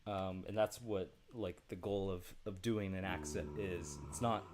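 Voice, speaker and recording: A man musing in a casual monologue, self-deprecating and halting, with many restarts. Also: low-pitched, noisy background. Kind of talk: casual monologue about doing accents.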